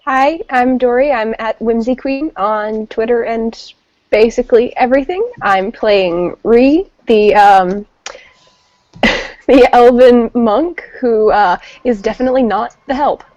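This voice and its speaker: A woman introducing herself as a player in a tabletop game, unhurried and giggly. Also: fairly high pitch, darkish tone, dry recording, dull audio. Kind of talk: casual tabletop chat.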